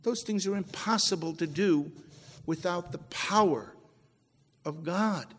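A man preaching a sermon as pastor, swinging between emphatic peaks and low, quiet drops. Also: a little slow, in a large hall. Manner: preachy, rising to emphatic then dropping low. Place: church sanctuary.

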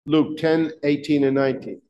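A man preaching a sermon, emphatic and fervent, often questioning his listeners, with halting restarts and "uh" fillers. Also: a little high, level tone, highs cut off, slight background noise. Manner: emphatic, rising to fervent peaks, asks the congregation questions.

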